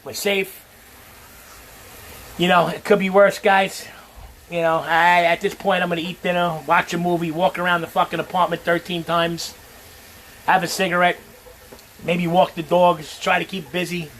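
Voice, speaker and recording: A man's voice: high-pitched, little pitch movement, normal speed, long pauses, fairly bright tone, slight background noise. Brash profane man cooking at home. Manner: brash, profane, talks straight to viewers. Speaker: home cook. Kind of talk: casual cooking livestream chat. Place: home kitchen.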